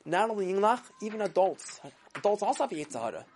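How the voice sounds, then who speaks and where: Animated woman telling a children's story. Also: mid-range voice, fast, a little hiss or hum. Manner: dramatic, with sound effects and voices.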